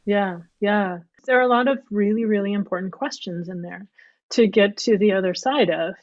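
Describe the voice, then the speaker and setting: A woman's voice: mid-range voice, normal speed, darkish tone, no echo. Middle-aged woman, guest on a podcast, muses and hedges as she talks, muffled sound. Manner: thoughtful, qualifying herself, frequent "you know" and "I mean". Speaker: graphic novelist and podcast guest. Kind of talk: reflective interview talk.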